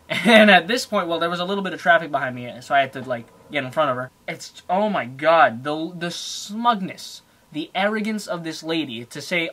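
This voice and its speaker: A young man telling a story in a casual, heated rant, full of fillers. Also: a little high. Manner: animated, heated, fast with fillers. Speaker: car vlogger.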